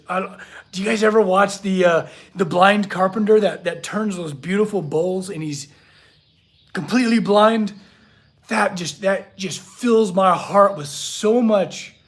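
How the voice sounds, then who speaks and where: A man hosting a casual livestream from his workshop, earnest and emotional as he gushes and reacts to the chat. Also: high voice. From California. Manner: earnest, emotional, gushing, reads chat aloud. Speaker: livestream host, blacksmith artist.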